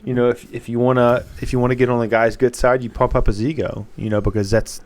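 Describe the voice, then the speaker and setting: A man's voice: mid-range voice, little pitch movement, quick pace, darkish tone. A man co-hosting a podcast in easygoing casual chat. He jokes a lot and rambles, restarting his sentences often. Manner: joking, rambling with repeated restarts. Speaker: podcast co-host.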